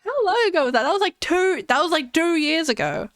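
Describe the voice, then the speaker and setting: A woman's voice: very high voice, big pitch swings, a little fast, a bit bright, no echo. A young woman streamer chatting casually with her chat, rambling and giggling between jokes.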